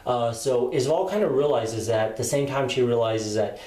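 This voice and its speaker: A man's voice: mid-range voice, normal speed, dark tone. A man giving a casual spoken book review, retelling the plot in a rambling way with many fillers. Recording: roomy echo.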